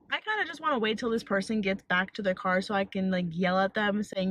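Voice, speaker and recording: A young woman vlogging casually, excitable and swearing a lot as she rants quickly. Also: mid-range voice, a little hiss or hum. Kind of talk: casual vlog chat. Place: in a parked car in Texas heat.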